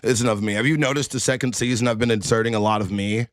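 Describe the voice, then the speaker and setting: A man's voice: medium pitch, fairly even intonation, very fast, dry recording, clean studio sound. A man chatting casually as a streamer, crude and jokey, rambling and cursing a lot. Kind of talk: casual chat.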